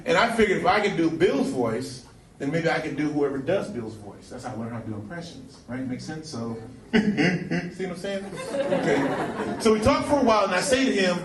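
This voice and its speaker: A male stand-up comedian from the Seattle area, telling jokes in an animated, punchy way with asides to the crowd, on a comedy club stage. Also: a little high, fast. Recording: echoey club, distant mic, crowd laughter.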